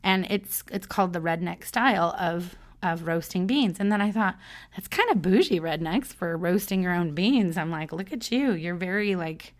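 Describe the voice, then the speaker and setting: A woman's voice: lowish voice, lively intonation, normal speed. A middle-aged woman hosting a solo podcast, talking casually in a chatty, self-mocking way and laughing often. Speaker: podcast host.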